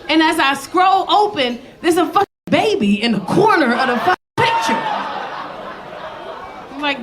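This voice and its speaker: A woman in her forties doing a stand-up set, telling stories in a brash, profane, animated way into a handheld stage mic. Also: extremely high pitch, moderate pace, pauses often, over a noisy crowd, heavy background noise. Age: 40s. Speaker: stand-up comedian.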